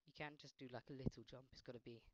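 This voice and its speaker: A man's voice: medium pitch, fast, highs cut off. A man with a faint Scottish accent doing jokey let's-play gaming commentary, yelping at the game. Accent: slight Scottish. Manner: excitable, yelps and laughs at the game, jokey asides.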